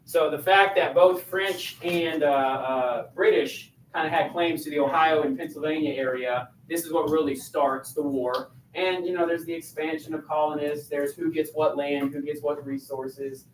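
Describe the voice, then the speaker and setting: A man's voice: on the high side, fairly even intonation, moderate pace, hardly any pauses, far from the mic, a little hiss or hum. Man teaching a class, heard from across an echoey room. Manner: conversational, asks the class questions. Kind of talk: classroom lecture.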